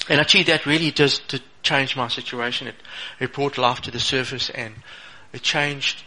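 A middle-aged man speaks in a loose, conversational way, checking in with his listeners and often restarting his phrases. His voice has a bright, forward edge, and his pitch sits in an ordinary male middle range. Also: steady tone, moderate pace, rough recording. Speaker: speaker sharing a personal testimony. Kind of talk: informal motivational talk.

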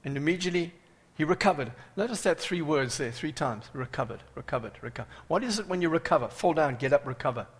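Animated male preacher in a reverberant hall. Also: a little high, fast talker, slightly rough. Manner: animated, dramatic preaching, swings from loud cries to hushed asides. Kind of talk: sermon.

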